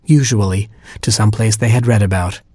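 A man's voice: on the low side, fairly even intonation, normal speed, a little mellow, no room sound, studio quality. Man reading a storybook aloud. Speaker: narrator.

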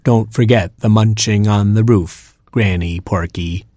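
A man voicing a bored old slug in a storybook, speaking in a slow, bored drone. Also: fairly low pitch, mellow, no echo, studio quality.

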